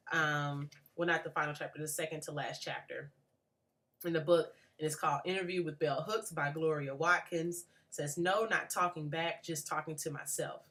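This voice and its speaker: A woman's voice: low-pitched, pushed and bright. A woman in her late twenties giving an earnest, thoughtful spoken reflection on a book for a class, with frequent restarts. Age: late 20s. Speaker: graduate student.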